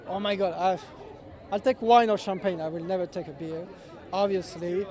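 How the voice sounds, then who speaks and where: Give me an animated man joking in second-language English at an outdoor premiere, high voice. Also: normal speed, some chatter behind. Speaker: cast member. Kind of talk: casual red carpet chat. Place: outdoor red carpet premiere.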